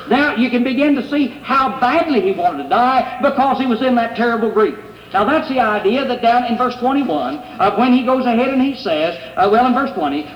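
A middle-aged man preaching an earnest, pleading sermon in a church, pausing to read scripture aloud. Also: extremely high pitch, lo-fi sound, a little hiss or hum. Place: church sanctuary. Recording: echoey hall, faint room ambience.

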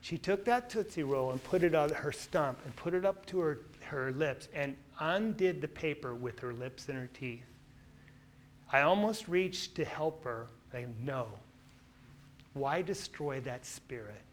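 Man, missionary speaker, slightly high voice, earnest storytelling, lively anecdotes. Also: measured pace, slight background noise. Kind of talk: storytelling slide presentation.

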